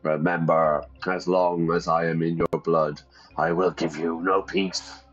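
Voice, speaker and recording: A man's voice: low-pitched, level tone, a little slow, highs cut off, voice pushed down. A man voicing the ghost of a stern noble male ancestor, speaking solemnly and demanding obedience from his descendants.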